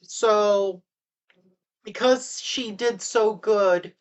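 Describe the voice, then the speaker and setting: A woman's voice: mid-range voice, drawn-out words, clear, resonant tone. A woman casually recapping a movie, rambling with fillers and restarts, and talking to the audience in asides.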